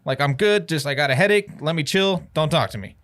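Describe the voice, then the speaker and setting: A man's voice: a little high, brisk. A man co-hosting a podcast, telling a story casually in a studio, swearing often and filling his talk with "like". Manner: profane, filler-heavy, animated retelling. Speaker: podcast co-host.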